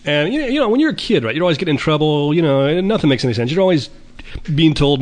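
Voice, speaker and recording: A fast-talking man spins a loose, rambling story, tripping into stammered restarts as he goes. His voice sits a bit higher than most men's, and he rushes the words out. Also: sing-song. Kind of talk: casual storytelling monologue.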